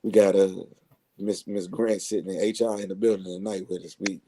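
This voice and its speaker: A man's voice: deep voice, level tone, fairly quick, mellow, slight background noise. A man hosting a laid-back online talk show, teasing his co-hosts in playful casual chat. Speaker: host.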